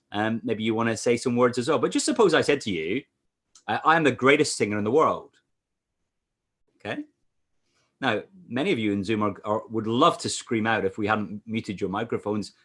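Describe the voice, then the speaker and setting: A man, a church pastor giving an evangelistic talk over a video call, animated and rising for emphasis, with frequent fillers. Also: mid-range voice, husky.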